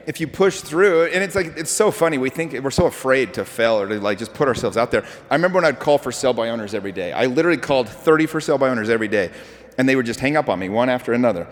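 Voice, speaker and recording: Man, motivational speaker, rapid delivery, animated storytelling, hall reverb. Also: mid-range voice. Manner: energetic, animated storytelling with acted quotes. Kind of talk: motivational talk to an audience.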